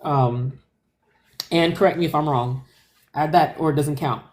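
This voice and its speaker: A woman of Haitian heritage speaking as a live-stream panelist, ranting in an animated, emphatic way. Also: a little slow. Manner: animated, emphatic, rants with big pitch jumps. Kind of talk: casual chat.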